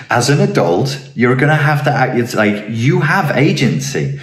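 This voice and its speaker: A man's voice: medium pitch, lively intonation, measured pace. A man hosting a philosophy channel, talking through ideas in an earnest, digressive monologue that builds into emphatic rhetorical questions. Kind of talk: reflective monologue. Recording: roomy echoing room.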